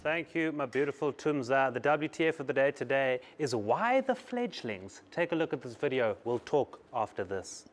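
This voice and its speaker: A man's voice: medium pitch, animated, normal speed, hardly any pauses, soft background music. A man working as the sidekick on a comedy talk show, playful and theatrical, delivering mock-baffled banter in a TV studio. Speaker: show sidekick and drinks server.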